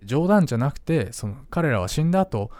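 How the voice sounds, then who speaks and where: A man hosting a casual language-lesson chat, talking in an animated, chatty way. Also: mid-range voice, no room sound. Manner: animated, quick, chatty with frequent laughs. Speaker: host.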